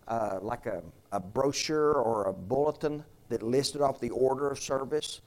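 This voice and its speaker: Earnest halting male pastor. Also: medium pitch, a little mellow. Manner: earnest, halting with restarts, folksy. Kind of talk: conversational sermon with questions to congregation.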